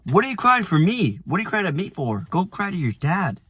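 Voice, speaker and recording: A man's voice: sits high, very animated, fairly quick, pushed and bright, slightly rough, no room sound, voice pushed up, exaggerated voice. A man voicing his flustered old grandfather, who shoos a crying child away in a raised, exasperated voice.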